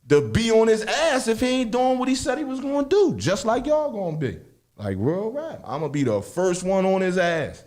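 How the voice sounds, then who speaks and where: A man co-hosting a radio talk show, arguing heatedly, swearing and laughing often. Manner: animated, swearing, laughs often, swings loud and high. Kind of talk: heated casual debate.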